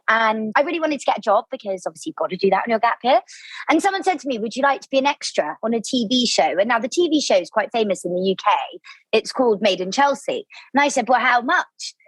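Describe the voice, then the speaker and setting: Guest author, woman in her twenties, English accent, effusive, higher voice, dry close sound. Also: animated, quick pace, no echo, poor audio. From Devon, southwest England. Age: 20s. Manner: bubbly and effusive, laughs often. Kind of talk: casual interview chat.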